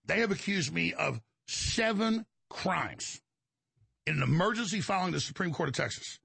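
A man's voice: high-pitched, lively intonation, moderate pace, vocal fry, a bit bright, slightly rough, dry recording. A male show host in an agitated, emphatic monologue, rambling and restarting his sentences. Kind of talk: heated monologue.

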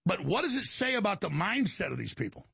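A man's voice: high voice, big pitch swings, quick pace, creaky, pushed and bright, slightly rough, no room sound. A male show host in an agitated, emphatic monologue, rambling and restarting his sentences. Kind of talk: heated monologue.

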